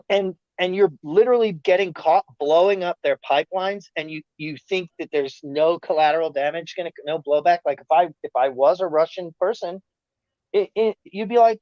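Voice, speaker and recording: A man talking as a podcast guest in a rambling, animated rant, often slipping into mocking quoted voices. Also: sits high, moderate pace, dry recording, highs cut off. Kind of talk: casual chat.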